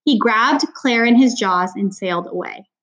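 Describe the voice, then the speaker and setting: A woman's voice: on the high side, moderate pace, fairly bright tone, highs cut off. A woman reading a novel aloud in a plain voice, stopping now and then for casual asides, with small slips in her reading. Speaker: audiobook reader.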